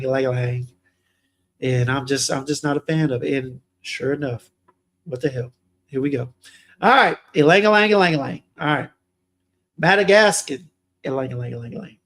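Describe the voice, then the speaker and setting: A young man hosting a fragrance livestream, chatting casually and reading viewer comments aloud in a laid-back way. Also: fairly high pitch.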